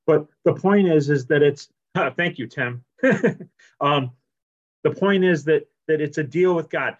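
A man shares his story at a recovery meeting, animated and casual, playing out each conversation as he goes. His voice sits a bit high for a man. The sound is muffled and lo-fi, as on a video call. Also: measured pace. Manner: animated storyteller acting out quoted dialogue. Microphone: computer mic on a video call.

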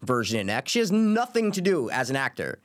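A man's voice: mid-range voice, very animated, fairly quick, no echo, studio quality. A man in a casual movie chat, emphatic and repetitive, swearing casually.

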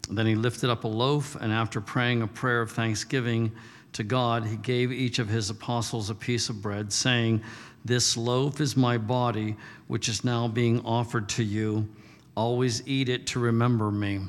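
A man's voice: mid-range voice, unhurried. Conversational male pastor preaching in a hall. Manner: conversational, animated asides with playful voices. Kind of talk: sermon.

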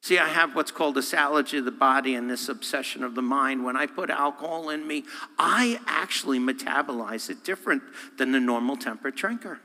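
A man, a guest speaker, preaching a sermon with animated, humorous delivery, acting out voices and quotes. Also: medium pitch, brisk. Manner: humorous, self-deprecating. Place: church sanctuary. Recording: long hall reverb.

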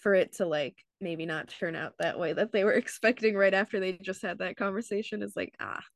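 A woman's voice: mid-range voice, steady tone, fairly quick, no echo, clean studio sound. A woman co-hosting a podcast who chats casually, laughs often and uses a lot of "like.". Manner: chatty, laughs often, lots of "like". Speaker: podcast co-host. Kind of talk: casual chat.

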